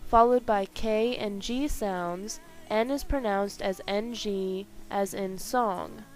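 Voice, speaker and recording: A woman reading a scripted language lesson carefully, slowing down to spell out each example. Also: medium pitch, darkish tone, soft background music. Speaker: language teacher.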